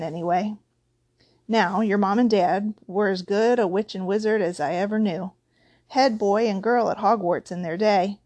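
Woman reader doing Hagrid: huge gruff gamekeeper, dropped endings, storybook voice. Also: mid-range voice, a little mellow, no room sound, lightly acted. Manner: rough dialect, dropped endings. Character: huge gruff male gamekeeper, big-hearted.

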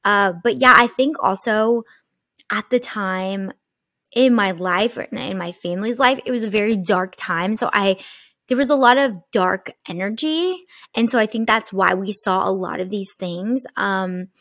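A woman's voice: mid-range voice, unhurried, a bit bright, dry recording. A young woman recounts a spooky childhood memory in a loose, chatty way, peppered with fillers and the odd swear word. Her voice sits in an ordinary middle range and sounds close and dry, with no room around it. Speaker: guest telling a ghost story. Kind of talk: casual storytelling.

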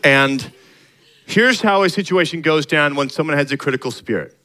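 A man's voice: fairly high pitch, normal speed, pushed and bright, poor audio. A middle-aged male pastor preaching a sermon in a conversational way, acting out little dialogues and rising to emphatic points.

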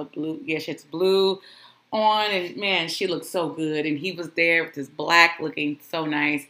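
A woman's voice: low voice, bright, forceful tone, roomy sound. A woman hosting a solo podcast, chatting in a gushing, rambling way. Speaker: podcast host.

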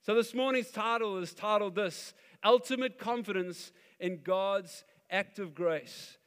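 A man preaching a sermon as pastor, animated and acting out the voices he quotes. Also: sits high, measured pace, clean tone. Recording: long hall reverb.

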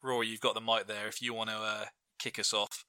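A man's voice: fairly low pitch, brisk, smooth, no echo. A man hosting a casual podcast chat with friends, telling stories with lots of laughs. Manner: lively storyteller, laughs often. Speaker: podcast host.

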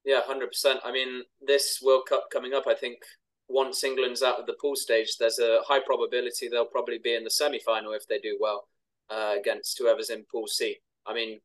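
A man hosting a podcast who asks measured, prepared-sounding interview questions. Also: medium pitch, flat delivery, rough recording. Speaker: podcast host.

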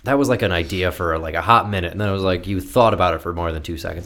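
A man's voice: low-pitched, very fast, vocal fry, fairly bright tone. A young man co-hosting a casual comedy podcast, wry and playful, rambling as he thinks aloud. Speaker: podcast co-host.

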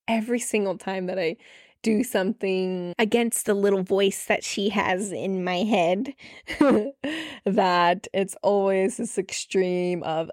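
Animated woman telling a story, dry mic. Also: mid-range voice, unhurried, creaky, no echo. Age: late 20s. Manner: animated, acts out quoted voices, frequent "like" fillers. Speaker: podcast host. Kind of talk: casual storytelling monologue.

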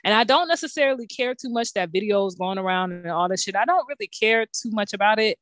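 A young woman co-hosting a casual chat, telling stories with lots of swearing and big swings in pitch. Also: fast, no echo, studio quality. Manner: profane, animated storytelling with big pitch swings. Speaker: podcast co-host.

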